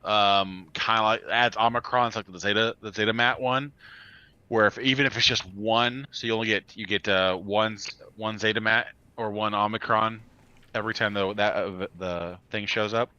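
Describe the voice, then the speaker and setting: A man co-hosting a game live stream talks in loose, casual chat and laughs between points. His voice sits low but comes across very bright and forceful. The recording is dry and a bit dull, like a lo-fi mic. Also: fairly even intonation, moderate pace, clean tone, dry recording. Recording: dull, lo-fi sound.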